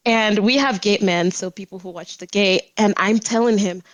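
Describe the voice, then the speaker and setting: A young woman, a podcast guest, telling a story in a casual way, animated and laughing often as she talks. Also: mid-range voice, moderate pace, hardly any pauses, dry recording, low-quality recording.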